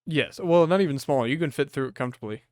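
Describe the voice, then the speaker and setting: A man narrating a tabletop horror game as game master, descriptive and unhurried with frequent fillers. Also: mid-range voice, no room sound, clean studio sound.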